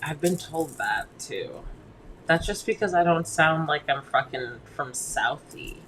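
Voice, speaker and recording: Slow, laid-back man from Massachusetts. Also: on the high side, lively intonation, pushed and bright, slight background noise, rough recording. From Massachusetts, near Boston. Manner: laid-back, slangy, swears, laughs often. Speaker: podcast co-host. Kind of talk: casual chat.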